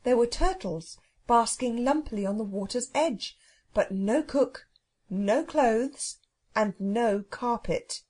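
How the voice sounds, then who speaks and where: A woman narrating a children's audiobook with expressive, measured storytelling. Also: on the high side, husky. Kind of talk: storybook reading.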